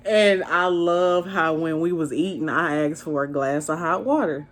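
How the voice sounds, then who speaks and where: Low-voiced woman telling a dating story. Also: unhurried, few pauses. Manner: animated, slangy, laughs while telling the story. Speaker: vlogger recapping a date. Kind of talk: casual storytime chat.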